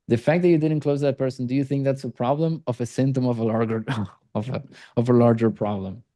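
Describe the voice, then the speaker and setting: Male sales coach, mellow tone, blunt and profane, teases students. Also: medium pitch, fairly even intonation, brisk. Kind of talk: group coaching call.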